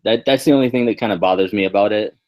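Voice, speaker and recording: A man co-hosting a casual wrestling podcast, hesitant and full of fillers, turning loud and incredulous when excited. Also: on the low side, racing. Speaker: podcast co-host. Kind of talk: casual wrestling review chat.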